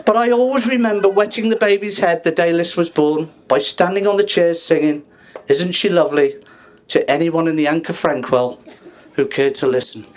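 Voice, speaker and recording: Man in his fifties, father of the bride, fairly high voice, teasing wedding speech, pauses for laughs. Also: some chatter behind. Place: wedding reception room.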